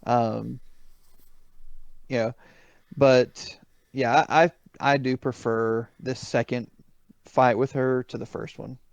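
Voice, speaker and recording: A man's voice: mid-range voice, fairly even intonation, slow pace, gravelly, long pauses, no echo, dull audio. A man co-hosting a gaming podcast, talking casually and thoughtfully with fillers and restarts. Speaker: podcast co-host.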